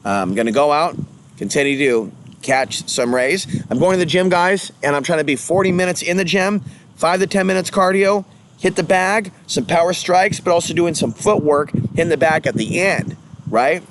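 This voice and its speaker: Male vlogger, rambling monologue, slightly high voice, faint background noise. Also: lively intonation, normal speed. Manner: rambling, drifts between topics, mocking sing-song asides.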